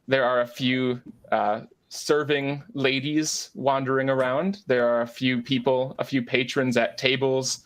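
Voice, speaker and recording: A man's voice: medium pitch, little pitch movement, unhurried, few pauses. Hesitant male game master narrating. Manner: hesitant, many fillers and restarts.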